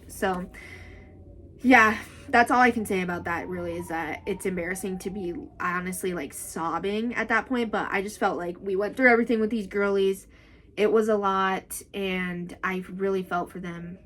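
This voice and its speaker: A young woman chatting casually about books in a vlog, animated and full of "like". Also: mid-range voice, fairly quick. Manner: chatty and animated, with frequent "like" and "y'all". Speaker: book vlogger. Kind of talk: casual book review chat.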